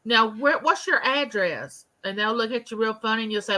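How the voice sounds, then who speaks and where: A woman's voice: a little high, moderate pace, bright, forceful tone, poor audio. An older woman, a former kindergarten teacher, telling stories in an earnest, exasperated way. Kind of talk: casual chat.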